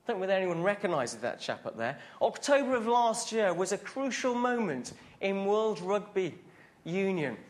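A man's voice: sits high, very animated, normal speed. A man preaching a sermon to a congregation in a questioning, conversational way.

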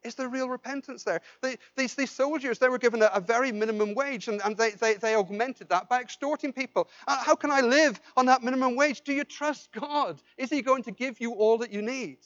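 A man's voice: very high-pitched, a little fast, few pauses, no room sound, highs cut off. A man preaching a sermon as pastor, pleading with the congregation and asking them questions, with repeated and restarted phrases. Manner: impassioned, swings from loud pleading to quiet intensity.

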